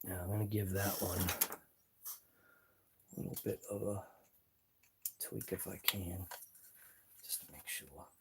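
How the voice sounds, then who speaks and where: A man's voice: low-pitched, a little slow, gravelly, long pauses, heavy background noise. A man hosting a live RC car workshop stream, thinking aloud as he wrenches in his garage. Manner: muttering thoughts aloud as he works. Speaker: RC hobby channel host.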